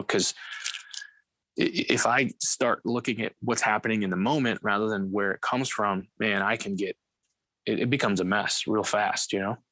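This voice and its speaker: A man's voice: on the low side, pushed and bright, no echo. A man hosting a casual interview, talking in a conversational way with frequent filler phrases. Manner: conversational, many "you know" fillers. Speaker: interview host.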